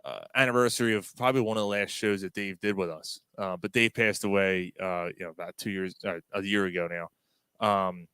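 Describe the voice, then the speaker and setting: A man's voice: sits low, brisk, smooth, no room sound. Laughing Philly storyteller host, man. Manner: animated storyteller, laughs often, swears. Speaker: podcast host. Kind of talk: casual chat.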